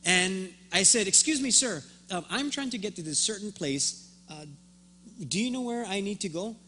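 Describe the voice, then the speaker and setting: Male pastor, sermon delivery, high bright voice, animated storyteller who voices both sides of a dialogue, faint hum behind. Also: moderate pace. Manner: repeats words when starting a thought.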